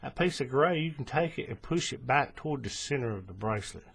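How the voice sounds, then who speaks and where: Husky guy teaching a craft at his table, lively up-and-down voice, laid back, keeps asking "right?". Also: medium pitch, a little fast. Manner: relaxed, checks in with "right?" and self-corrects. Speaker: crafting tutorial host. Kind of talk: step-by-step hands-on instruction. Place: indoors at a table, working close to the camera.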